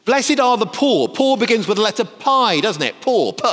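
A man from the north of England, giving a lively academic lecture with jokey asides. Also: sits high, normal speed, in a large hall, faint music behind.

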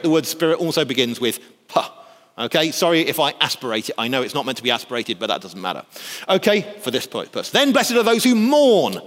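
A man from the north of England, giving a lively academic lecture with jokey asides. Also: a little high, big-room sound.

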